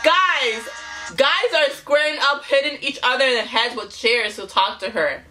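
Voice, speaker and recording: High bright-voiced woman hyped up reacting to a music vid, laughing a lot, slangy. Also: unhurried, rough recording. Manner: excitable, laughs often, slangy exclamations. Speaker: YouTube reaction host. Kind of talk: music video reaction commentary.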